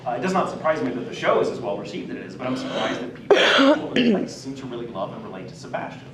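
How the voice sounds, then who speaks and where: A man's voice: mid-range voice, racing, distant mic, crowd noise. An American man, a voice actor telling stories at a convention panel with lots of laughter. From United States. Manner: animated storyteller, laughs often. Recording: echoey hall recorded from afar.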